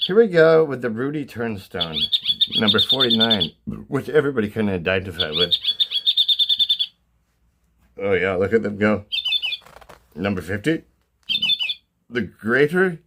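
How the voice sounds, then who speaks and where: A man's voice: lowish voice, lively intonation, measured pace, long pauses. Profane man mock-narrating bird calls. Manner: profane, mock-serious, rambling asides. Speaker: host reading through a bird sound book. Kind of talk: irreverent comedic commentary. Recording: noisy recording with bird calls playing. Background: bird calls played from a sound book.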